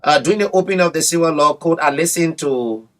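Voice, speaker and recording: A man's voice: a little high, fast, a bit bright. A man, a bar association representative speaking emphatically in a radio interview, often repeating his phrases. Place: radio studio.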